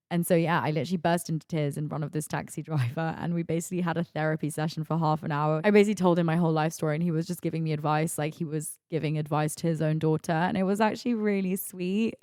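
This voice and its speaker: A woman's voice: low voice, steady tone, quick pace, few pauses, a little mellow, no room sound, clean studio sound. A woman hosting a solo podcast, talking candidly and confidingly in a rambling way full of "like". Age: 20s. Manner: confiding, rambling, heavy use of "like". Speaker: podcast host.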